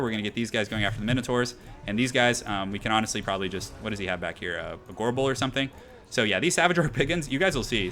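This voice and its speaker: A young man calls his strategy game live for his stream, rattling off plays at a fast clip in a bright, forceful voice. He is excitable and slangy and keeps talking straight to his chat. A faint hum sits under his voice. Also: on the low side. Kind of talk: live gameplay commentary.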